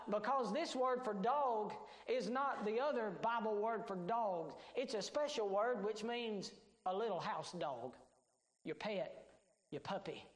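A male pastor preaching a sermon, folksy and plain-spoken, swinging between loud emphasis and hushed tones. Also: high voice, echoey room.

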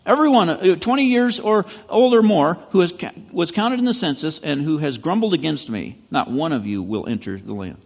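A man preaching a sermon as pastor, conversational and animated, pushing hard to make his points. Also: on the high side, normal speed, creaky, few pauses, long reverb tail, highs cut off.

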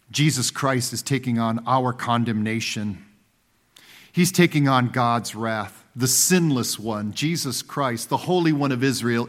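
Slow, emphatic male preacher. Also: mid-range voice. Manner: slow, emphatic preaching with dramatic pauses and swings from loud to hushed. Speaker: pastor. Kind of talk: sermon.

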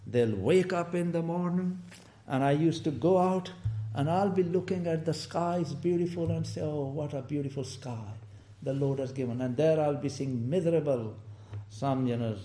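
A man preaching a sermon in a church, lively and often laughing as he quotes people. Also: on the high side. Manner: animated, laughing often, quoting people in raised voice. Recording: echoey church room.

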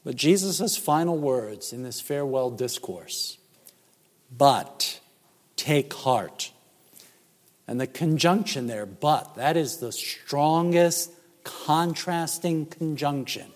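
Slow, emphatic male preacher in a reverberant hall. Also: mid-range voice, darkish tone. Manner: emphatic, measured preaching with rhetorical questions. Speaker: pastor. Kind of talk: sermon. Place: church sanctuary.

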